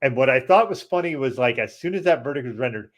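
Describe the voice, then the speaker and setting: A man's voice: medium pitch, fast talker. Casual swearing male podcast host. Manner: animated, swears freely, laughs while telling. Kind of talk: casual chat.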